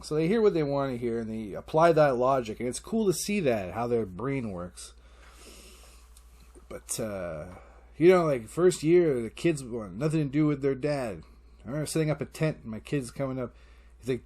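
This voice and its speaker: Middle-aged male podcaster, mid pitch, loose rambling storyteller who acts out quotes and swears freely. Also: lively intonation, normal speed, a little mellow. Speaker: podcast host. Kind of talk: casual solo podcast monologue.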